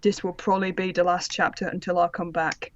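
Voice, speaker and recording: A woman's voice: fairly low pitch, flat delivery, a little fast, no echo. Sardonic woman reading aloud. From Britain. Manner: sardonic asides, laughing while reading. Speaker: podcast co-host and narrator of the reading. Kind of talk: comedic dramatic reading with commentary. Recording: slightly dull lo-fi audio.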